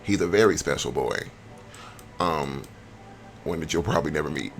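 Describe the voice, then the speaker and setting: A young man giving casual, slangy commentary on a life-sim game, animated and given to sudden high squeals. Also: moderate pace, creaky, pauses often, faint music behind. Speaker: gameplay vlogger.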